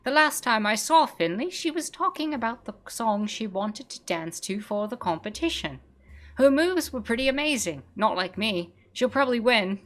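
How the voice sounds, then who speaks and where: A woman's voice: a little high, lively intonation, moderate pace, lightly acted. A woman voicing Martin, a jumpy cranky king. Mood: nervous. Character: cranky sleepless self-declared island king, male.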